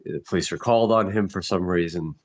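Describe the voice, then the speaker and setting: A middle-aged man in a casual group chat, grieving and somber, talking haltingly with many restarts. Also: sits low, highs cut off. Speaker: mastermind group member.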